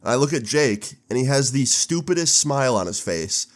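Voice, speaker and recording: A young man in his twenties telling a casual storytime, animated and swearing with laid-back slang. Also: medium pitch, moderate pace. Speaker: storytime vlogger.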